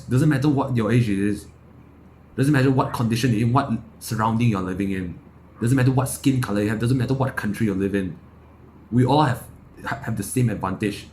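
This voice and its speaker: A man's voice: mid-range voice, darkish tone, a little hiss or hum. A young man from Malaysia giving a blunt, impassioned motivational monologue, swearing, firing off rhetorical questions and repeating his words. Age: young adult. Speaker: self-improvement YouTuber.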